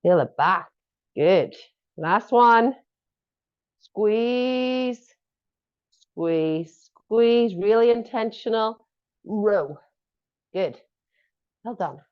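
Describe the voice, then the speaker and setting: A woman's voice: mid-range voice, animated, takes it slowly, long pauses. A woman fitness instructor coaching a workout class, giving encouraging cues and joking asides. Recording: dull lo-fi audio.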